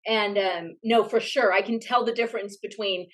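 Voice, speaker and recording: A woman's voice: medium pitch, fairly even intonation, moderate pace, a bit bright. A woman attorney in her forties with a Texan accent, speaking directly and emphatically in casual podcast chat.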